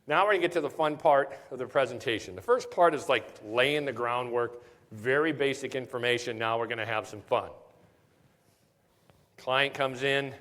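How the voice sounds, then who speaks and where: A man's voice: medium pitch, moderate pace, a bit bright. A man presenting a live tax seminar at a conference, telling jokey stories and often checking in with "right?". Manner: jokey, storytelling, keeps asking "right?". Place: conference hall. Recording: reverberant conference hall.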